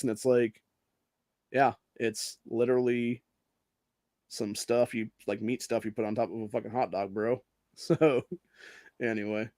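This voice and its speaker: A man hosts his own show and rants at length, cursing at every turn and tossing in dude and bro as he rambles from one gripe to the next. His voice sits at a middle pitch. It is caught close and dry, with no room sound around it. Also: little pitch movement, normal speed, pauses often, a little mellow, no echo. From Ohio. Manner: swears constantly, rambling, says dude and bro. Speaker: podcast host. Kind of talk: profane rant and casual monologue.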